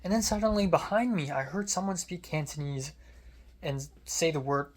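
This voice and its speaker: A young adult with an American accent tells a rambling, sardonic story in a casual vlog, full of quick asides. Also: mid-range voice, animated. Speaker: vlogger.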